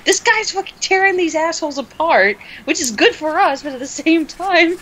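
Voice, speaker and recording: A woman's voice: very high voice, animated, moderate pace, fairly bright tone, poor audio. A woman playing a tabletop game, chatting casually and swearing freely. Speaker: player.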